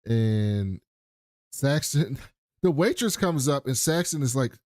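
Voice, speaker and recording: A man's voice: mid-range voice, animated, slow, a little mellow, no room sound, clean studio sound. A man co-hosting a podcast, casually and profanely retelling scenes from a TV episode. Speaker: podcast co-host. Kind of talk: casual TV recap chat.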